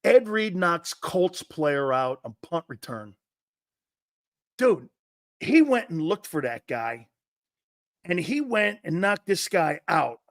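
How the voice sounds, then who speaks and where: A man hosting a football talk show in a brash, loud, profane and mocking monologue. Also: a little high, sing-song, slow, long pauses, no room sound, clean studio sound. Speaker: sports talk show host.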